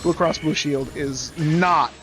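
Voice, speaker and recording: A man's voice: on the high side, takes it slowly, music in the background. A young man streaming a game, ranting casually in a sarcastic, profane, rambling way. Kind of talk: casual rant while gaming.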